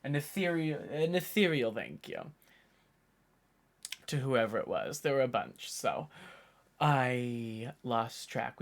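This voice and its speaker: A man's voice: medium pitch, animated, moderate pace, fairly bright tone. Streamer, mid-twenties male, loose rambling chat, voice frayed from a long day of talking. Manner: rambling, chatty, thinks aloud. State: tired, voice worn from hours of talking. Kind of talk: casual live-stream chat.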